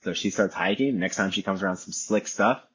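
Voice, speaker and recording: A man's voice: sits low, brisk, a bit bright, slightly rough, lo-fi sound. A young man telling stories in a laid-back casual chat, saying dude a lot and acting out voices. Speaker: podcast guest.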